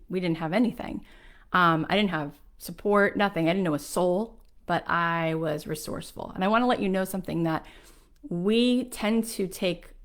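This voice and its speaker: A woman in her forties from South Florida gives a live motivational talk to an audience, speaking candidly and emphatically with frequent "um" fillers. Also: fairly low pitch. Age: 40s.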